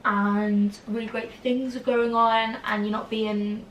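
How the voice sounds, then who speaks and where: A woman's voice: a little high, level tone, unhurried, lo-fi sound, a little hiss or hum. A young woman with a slightly whiny voice, chatting casually to camera and rambling with lots of "like" fillers. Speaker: YouTuber. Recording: roomy, distant from the mic.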